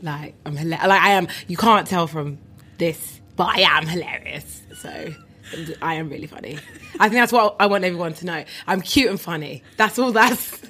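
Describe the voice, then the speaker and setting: A woman's voice: on the low side, expressive, normal speed, pushed and bright, a little hiss or hum. A woman in her twenties, a comedian guest, introducing herself with playful, self-mocking boasts. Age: 20s. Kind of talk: casual interview chat.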